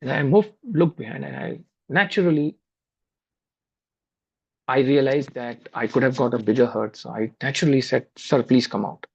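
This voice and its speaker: A man's voice: medium pitch, moderate pace, gravelly, pauses often, husky. A man with an Indian English accent telling a personal story during a spiritual talk over a video call, conversational and repeating his words. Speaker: spiritual class speaker. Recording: dull lo-fi video call audio.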